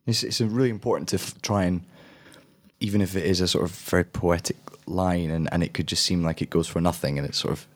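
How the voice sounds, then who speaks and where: Very deep-voiced young man actor. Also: steady tone, brisk. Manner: thoughtful, rambling, with frequent restarts. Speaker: drama student actor. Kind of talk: casual interview answers.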